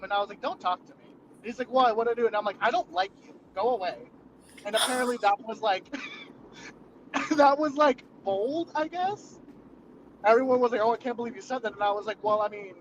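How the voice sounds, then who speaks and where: High-voiced young man telling rambling stories. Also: a bit bright. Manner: rambling, profane, lots of fillers. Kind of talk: casual storytelling chat. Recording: muffled lo-fi recording with clear background noise.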